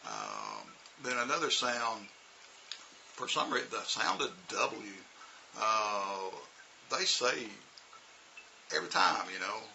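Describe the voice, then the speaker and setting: A low-pitched man with a gravelly, very bright and forceful edge to his voice. He rambles through a casual teaching story, padded with "you know" and "uh". A faint hiss sits behind him. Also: slow, long pauses. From United States. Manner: rambling and relaxed, full of "you know" and "uh" fillers. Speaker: English teacher.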